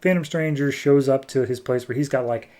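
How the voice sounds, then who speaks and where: A man's voice: mid-range voice, brisk, dark tone. A man hosting a comic book podcast, recapping an issue in a chatty, jokey way and acting out the scenes.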